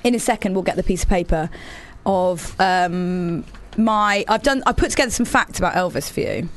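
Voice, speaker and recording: A woman's voice: on the low side, normal speed. A woman hosting a radio show, chatty and teasing in casual banter, laughing often.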